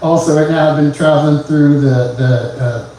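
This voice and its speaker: A man's voice: a little high, steady tone, mellow, far from the mic, slight background noise. Stand-up man in an echoey club. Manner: halting, many "uh" fillers and restarts. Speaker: stand-up comedian. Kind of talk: live stand-up set. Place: small comedy club stage.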